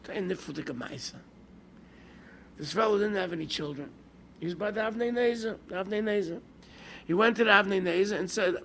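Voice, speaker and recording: A man's voice: high voice, fairly quick, long pauses, fairly bright tone, slight background noise. A man, a rabbi, giving an informal Torah class in a conversational storytelling manner, asking rhetorical questions and pushing some words with bursts of emphasis. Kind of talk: informal Torah lecture with stories.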